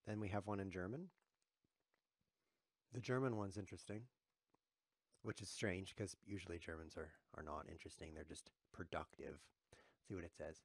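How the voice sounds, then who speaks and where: A man streams himself playing chess and talks the whole time, cracking jokes and chuckling as he reads viewers' chat aloud. His voice sits fairly low, and the sound is dry and close with no room around it. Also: fairly even intonation, moderate pace, long pauses, slightly rough, no room sound. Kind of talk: live chess commentary.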